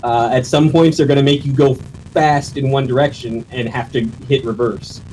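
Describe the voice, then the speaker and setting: A man's voice: mid-range voice, steady tone, normal speed, darkish tone, a little hiss or hum, low-quality recording. A man co-commentating a game race casually, explaining how the game works. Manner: explanatory, chuckling asides. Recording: faint game music behind.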